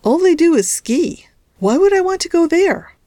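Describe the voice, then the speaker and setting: A woman's voice: very high voice, sing-song, moderate pace, warm tone, dry recording, clean studio sound, voice pushed up. A woman voicing a headstrong, arrogant young woman who speaks insistently and emphatically in a storybook reading. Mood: indignant.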